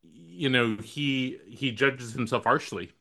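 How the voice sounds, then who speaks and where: A man hosting a podcast, chatting in a relaxed way and offering opinionated asides. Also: medium pitch, slow. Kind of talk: casual podcast chat.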